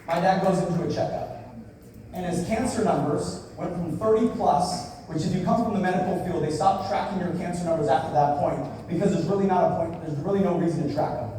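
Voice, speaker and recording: A young man giving a motivational speech at a business event, telling a personal story and dropping low and quiet at the emotional parts. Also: brisk, a crowd in the background. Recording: echoey hall, from far off.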